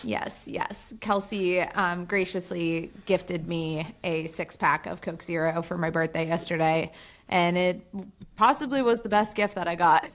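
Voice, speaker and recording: A woman's voice: on the low side, fairly even intonation, a little slow. A woman in her late twenties co-hosting a podcast, chatting casually in a chatty, self-mocking way. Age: 20s. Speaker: podcast co-host. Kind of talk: casual chat.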